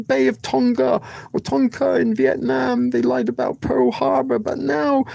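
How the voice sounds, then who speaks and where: A man doing a shrill mocking scold, shouting, sarcastic, high-pitched. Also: creaky, dry recording, exaggerated voice. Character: mocking shrill caricature of a stay-home scold.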